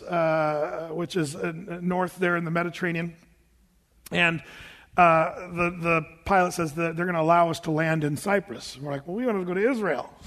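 Telling his congregation a story from his own life, a male preacher speaks in a high voice with a slight brightness. He's chatty, amused by himself, and often laughing, while a big hall lends a long reverb to the sermon.

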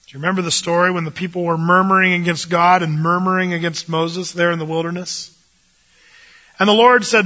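A man with a high, bright voice walks through a Bible passage in a relaxed teaching tone. He jokes and leaps into the voices of the people in the story. The recording sounds muffled and lo-fi. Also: fast talker. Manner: animated, jokey, acts out voices of biblical figures.

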